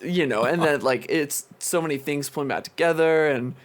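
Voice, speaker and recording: A man's voice: on the high side, normal speed, background noise. A man in his twenties, a podcast co-host, chatting casually in a loose, rambling way with frequent swearing. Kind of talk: casual chat.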